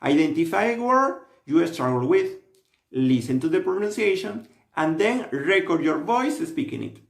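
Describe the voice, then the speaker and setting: A man giving scripted narration as a language teacher, with an instructive, steady delivery. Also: a little high, moderate pace, vocal fry. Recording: roomy echo.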